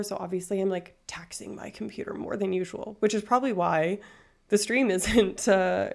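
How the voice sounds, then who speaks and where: Chatty young woman with vocal fry. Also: mid-range voice, a little mellow. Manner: rambling, chatty, many fillers. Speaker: livestreamer. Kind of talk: casual livestream chat.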